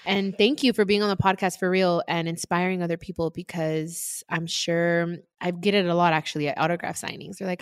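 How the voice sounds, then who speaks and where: A woman's voice: on the low side, a little fast, hardly any pauses, clean tone, dry recording, studio quality. Laughing bilingual woman podcast host. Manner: warm, laughing, mixes in Spanish phrases. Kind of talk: casual chat.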